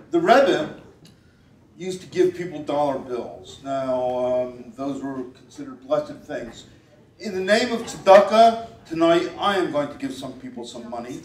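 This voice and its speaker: A man's voice: on the high side, slight background noise. Playful man on stage in a roomy hall. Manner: playful, teasing, wry asides; rhythmic repeated commands. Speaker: stage performer reading body language. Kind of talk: live stage act with audience volunteers. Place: event hall at a gala. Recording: roomy hall, voice picked up from a distance.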